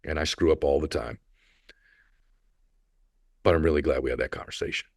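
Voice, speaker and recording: A man's voice: rumbling low, fairly even intonation, normal speed, vocal fry, no room sound, studio quality. A middle-aged man hosting a solo podcast, telling a personal story in a heartfelt, motivational way, audibly emotional. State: emotional, choked up. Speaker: podcast host.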